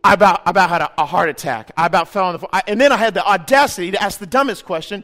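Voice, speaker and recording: A man preaching a sermon, impassioned, moving between hushed, tender passages and loud, fervent calls. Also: high voice, expressive, a little fast.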